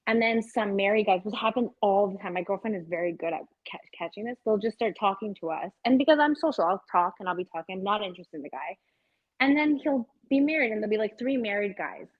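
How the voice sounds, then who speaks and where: A young woman chats fast and bluntly as a podcast co-host, swearing freely and laughing often. The recording is close and dry, with a somewhat dull, muffled sound. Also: medium pitch, animated, no room sound. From lives in Los Angeles. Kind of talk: casual chat.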